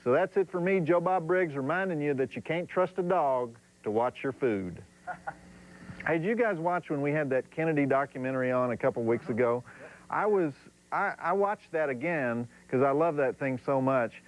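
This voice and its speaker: Wisecracking man, high-pitched drawl. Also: lively intonation, moderate pace, muffled recording. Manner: sardonic, drawling, chuckling asides. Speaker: horror movie host. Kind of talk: wisecracking TV movie host.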